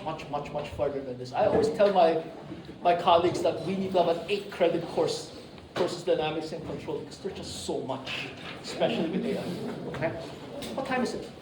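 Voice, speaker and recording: A man teaches a class in a high, swooping voice and keeps pausing to check that his students follow along. He sounds some distance from the mic, in a room that echoes with a faint hum behind him. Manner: animated, keeps checking in with "right?" and "you see?". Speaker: university lecturer. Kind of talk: classroom lecture.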